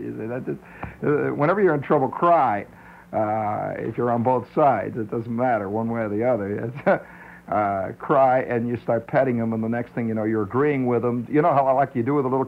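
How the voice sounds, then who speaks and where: A man's voice: mid-range voice, normal speed, gravelly. A male radio talk show host musing in a wry, digressive monologue, often laughing at his own points, on a dull old radio recording. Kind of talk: rambling conversational monologue.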